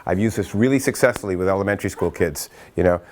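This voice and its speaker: A middle-aged man from Massachusetts giving an energetic training talk to educators, telling stories in quick bursts with self-interruptions and acting out quotes. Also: sits low. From Massachusetts, USA. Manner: lively storyteller who acts out quotes and breaks into chanting. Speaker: workshop speaker for educators.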